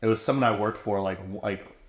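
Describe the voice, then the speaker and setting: A man in his thirties talking candidly in a casual interview, animated and acting out voices as he tells stories. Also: lowish voice, fast talker, roomy sound. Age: 30s. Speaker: interviewed contestant.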